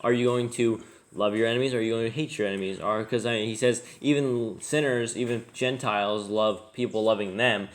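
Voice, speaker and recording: Fast-talking man peppering speech with "like". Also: fairly low pitch, steady tone. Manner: quick, filler-heavy, lots of "like". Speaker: co-host in a scripture discussion. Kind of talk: casual discussion.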